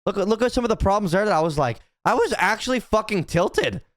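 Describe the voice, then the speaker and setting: Young man, streamer, casual profane rant, stumbles and repeats himself, a bit high-pitched, dry mic. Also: expressive, quick pace, no room sound. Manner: rambling, profane, many restarts and repeated "right?". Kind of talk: casual opinion chat to stream chat.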